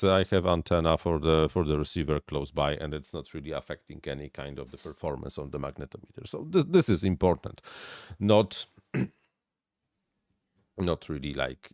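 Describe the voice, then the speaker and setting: A man who is not a native English speaker, hosting a casual live stream and answering viewer questions with halting technical explanations. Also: low voice, lively intonation, no room sound, studio quality.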